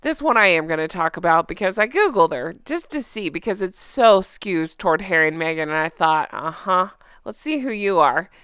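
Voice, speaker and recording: A woman's voice: fairly low pitch, moderate pace, clear, resonant tone, no room sound, clean studio sound. A woman hosting a commentary show, chatting sarcastically and laughing a lot as she mocks a news story. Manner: laughing, mocking, animated. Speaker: host.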